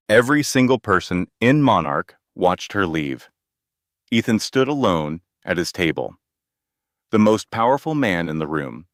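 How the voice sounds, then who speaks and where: A man narrating a scripted dramatic story in a measured storytelling manner. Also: sits low, fairly bright tone, dry recording, studio quality.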